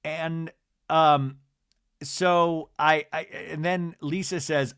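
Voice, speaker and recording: A man's voice: on the high side, slow pace, a bit bright, smooth, dry recording, studio quality. A man hosting a comedy podcast, recapping a reality show in a gossipy, dramatic way and mimicking the people in it. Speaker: podcast host.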